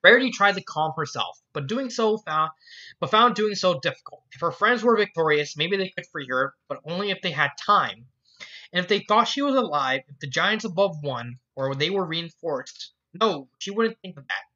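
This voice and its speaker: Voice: mid-range voice, lively intonation, moderate pace, sharp tone, dull audio. A fan fiction reader narrating a story aloud, often stumbling and restarting lines, with the odd swearing aside. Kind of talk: amateur fan fiction reading.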